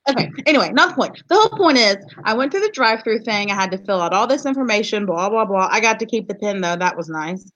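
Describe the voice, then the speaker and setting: A woman's voice: medium pitch, expressive, fast talker, few pauses, a bit bright, highs cut off. A woman from West Virginia, a podcast co-host in casual chat, telling a story bluntly and swearing freely.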